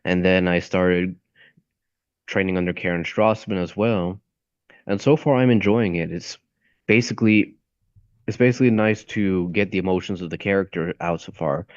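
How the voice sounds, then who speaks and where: A young man with a very low voice talks casually about his training, rambling and hunting for words as he goes. The sound is dull and lo-fi, with a dry, close feel. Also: moderate pace, no room sound. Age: young adult. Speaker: voice acting student. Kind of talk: casual chat. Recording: dull lo-fi audio.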